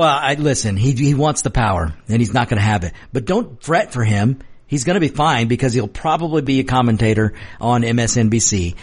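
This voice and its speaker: A man hosting a political talk show, delivering heated, emphatic commentary and repeating his points, hoarse and losing his voice. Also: mid-range voice.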